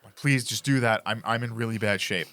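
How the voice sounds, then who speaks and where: A man's voice: on the low side, fast, dry recording. A man on a podcast telling a funny story in casual chat, laughing as he goes. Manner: animated, laughs through his story. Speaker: podcast co-host.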